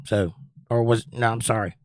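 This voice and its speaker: At normal speed and with fairly even intonation, a man with a medium-pitched voice hosts a casual livestream. The studio-quality audio has no echo. He rambles chattily and reads viewer comments out loud.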